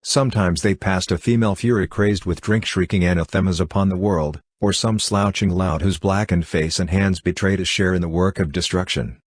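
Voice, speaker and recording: A man reading a classic novel aloud as an audiobook narrator, in a steady, measured way. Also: sits low, dry recording, clean studio sound. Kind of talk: scripted narration.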